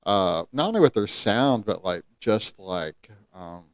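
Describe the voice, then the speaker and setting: A man's voice: lowish voice, expressive, measured pace, clean tone, no room sound. A man hosting a casual podcast, easygoing and enthusiastic, laughing often as he chats. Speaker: podcast host.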